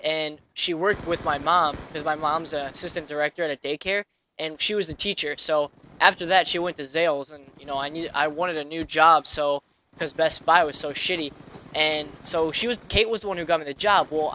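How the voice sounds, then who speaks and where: A man's voice: on the high side, brisk, pushed and bright, slight background noise. A man in his twenties telling a personal story in a casual vlog, rambling with many fillers and restarts. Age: 20s. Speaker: vlogger.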